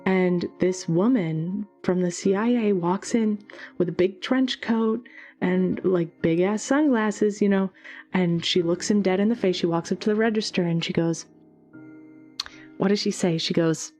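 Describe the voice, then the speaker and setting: A woman who is a singer, chatting casually in a Q&A video, retelling things with animated energy and plenty of swearing. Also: medium pitch, measured pace, soft background music. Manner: animated, swears freely, many fillers. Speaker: singer and channel host. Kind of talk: casual Q&A storytelling.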